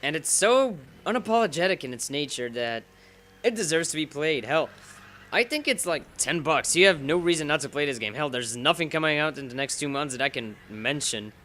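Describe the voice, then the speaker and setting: A man's voice: on the high side, animated, brisk, pushed and bright, a little hiss or hum. A man giving casual, rambling playthrough commentary, sarcastic, with sudden emphatic bursts. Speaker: gaming YouTuber.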